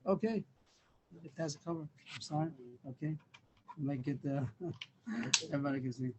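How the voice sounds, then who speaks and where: A man's voice: a little high, normal speed, a little mellow, slight background noise, rough recording. A man teaching a Talmud class over a video call, explaining step by step with repeated words and restarts. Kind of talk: Daf Yomi class.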